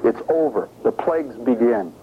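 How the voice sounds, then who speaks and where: A man's voice: medium pitch, animated, moderate pace. Guy teaching a bible study, emphatic, quizzes the room, tinny phone-ish recording with some hiss. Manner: emphatic, asks the audience questions. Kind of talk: sermon-style Bible study.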